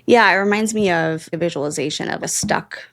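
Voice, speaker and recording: A woman's voice: lowish voice, fairly quick, fairly bright tone, a little hiss or hum. A woman co-hosting a wellness podcast as a therapist, talking in a reflective, affirming way and using everyday images to explain ideas. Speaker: therapist and guest co-host. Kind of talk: casual podcast chat.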